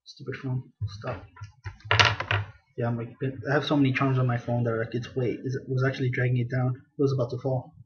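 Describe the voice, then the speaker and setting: A man's voice: medium pitch, little pitch movement, a little fast, dull audio. A young man giving casual, self-mocking let's play commentary. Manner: chatty, self-mocking, reads game dialogue in a hammy theatrical voice. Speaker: gameplay commentator.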